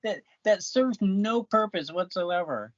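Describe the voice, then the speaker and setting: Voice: mid-range voice, lively intonation, a little slow, no room sound. A podcast co-host in casual chat about a movie, commenting in a dry, puzzled way. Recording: dull, lo-fi dry recording.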